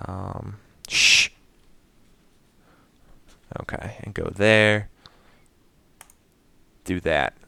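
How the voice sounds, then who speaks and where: A man's voice: deep voice, very slow, creaky, pauses often, sharp tone, no echo. A man giving casual gameplay commentary while he builds, talking to himself, counting items aloud and explaining each step to his viewers.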